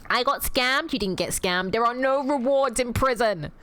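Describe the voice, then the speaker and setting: Bantering with her livestream audience, this woman plays a theatrical mock villain, teasing viewers and cursing without restraint. She speaks a little high, at a moderate pace, with a fairly bright tone.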